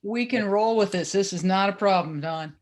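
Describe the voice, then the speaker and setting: A woman in her thirties tells a personal story with lively, wry, self-mocking humor. Her voice sits at an everyday middle pitch. She comes through a video call. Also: normal speed, slight background noise.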